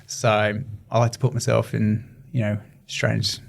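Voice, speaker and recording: A man's voice: on the low side, completely flat delivery, measured pace, creaky. A young adult man with an Australian accent, talking earnestly in a casual interview with many fillers and restarts. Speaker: guest, ultramarathon runner.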